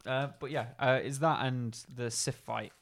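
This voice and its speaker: Chill guy talking games, agrees a lot, swears casually, mid pitch. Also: fairly even intonation, measured pace. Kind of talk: casual chat about a video game.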